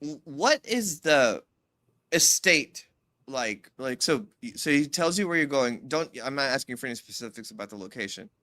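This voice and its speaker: A woman co-hosting a podcast, chatting casually in an animated way, swearing and cutting in often. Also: rumbling low. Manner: animated, swearing, quick interruptions. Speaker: podcast co-host. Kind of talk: casual chat.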